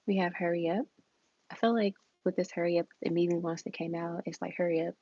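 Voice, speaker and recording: A woman chats her way through a live tarot reading, relaxed and talkative. Her voice sits low with a gravelly fry. The stream audio is dull and lo-fi, with steady hiss and keyboard clicks behind her. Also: quick pace. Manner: casual, chatty, laughs often, reads card messages aloud. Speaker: tarot reader.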